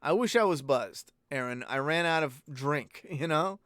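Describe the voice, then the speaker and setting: A man with a somewhat high voice and a dry, close sound, chatting casually as he answers viewers' questions. He rambles, swears freely and gives blunt opinions. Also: animated, a little slow, a bit bright, dry recording. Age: adult parent. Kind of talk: casual live-stream Q&A chat.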